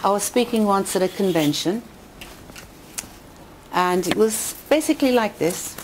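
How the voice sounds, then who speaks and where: Lively woman storyteller. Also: unhurried, a little hiss or hum. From England. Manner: lively storyteller who rises in pitch on quotes and punchlines. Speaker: speaker addressing a women's audience. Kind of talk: inspirational talk with jokes and stories. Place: community hall with a live audience.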